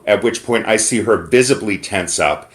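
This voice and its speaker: An American man making an angry complaint call over the phone, emphatic and pausing to choose his words. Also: lowish voice. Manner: indignant, emphatic, pauses to pick words. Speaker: caller reporting to corporate. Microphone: phone call recording.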